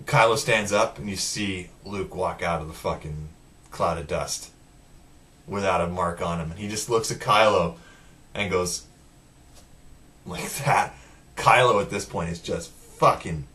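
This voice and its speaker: A man's voice: sits low, normal speed, distant mic. A man retelling a film scene by scene in a casual, profane way, acting out the characters' lines as he goes. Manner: profane, animated retelling with acted-out quotes. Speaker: film reviewer. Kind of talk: casual spoiler recap.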